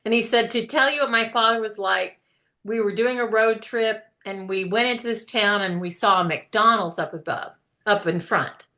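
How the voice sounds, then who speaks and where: A woman's voice: mid-range voice, normal speed, pushed and bright. A woman teacher chatting casually, telling stories and laughing often. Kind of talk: casual conversation.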